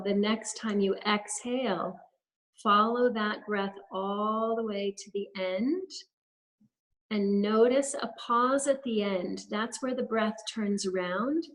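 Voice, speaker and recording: A woman, a holistic health practitioner, leading a guided breathing exercise with gentle step-by-step instructions over a webinar video call. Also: medium pitch, rough recording.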